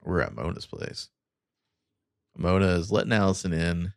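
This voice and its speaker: Deep gravelly man in relaxed chat. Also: normal speed, no room sound, clean studio sound. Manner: relaxed, loose, many fillers and wry asides. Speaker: podcast co-host. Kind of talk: casual chat, recapping scenes.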